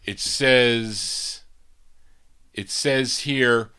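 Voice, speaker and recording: A male DJ on a live oldies radio show, talking in a chatty, friendly way as he closes out the night. His voice sits in an ordinary middle pitch, and he sounds a little out of breath. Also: drawn-out words, bright, forceful tone, smooth. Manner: chatty, friendly sign-off patter. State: a bit out of breath. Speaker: radio DJ host.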